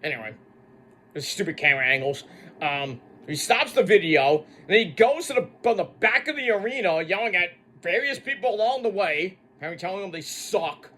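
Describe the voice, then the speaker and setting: A man rants through a wrestling show review in a bright, high, lively voice. He swears freely and mocks the people he talks about, and his pitch leaps from low grumbles to high yells. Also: fairly quick. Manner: animated, swearing, mocking. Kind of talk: casual profane rant.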